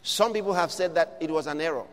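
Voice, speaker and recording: A man's voice: a little high, fast talker. A man preaching a sermon, emphatic and exhorting his listeners with repeated questions. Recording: long reverb of a large hall.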